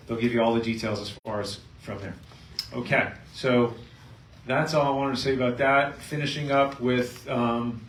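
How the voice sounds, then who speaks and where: A middle-aged chiropractor with a medium-pitched voice tells a patient story to a live health seminar audience, animated and acting out both sides. The room is echoey, the mic is at a distance, and there's faint noise.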